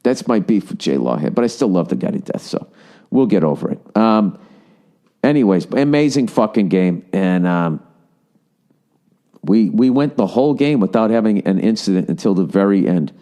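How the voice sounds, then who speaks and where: A man's voice: on the low side, animated, normal speed, mellow. Profane ranting male comedian. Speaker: podcast host. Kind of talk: comedic solo rant.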